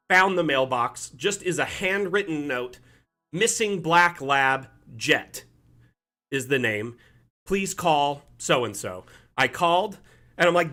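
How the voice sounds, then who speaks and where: A man hosting a live stream, telling a casual story in an animated, rambling way and often correcting himself mid-sentence. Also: fairly high pitch. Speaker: community manager streamer. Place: home, Las Vegas.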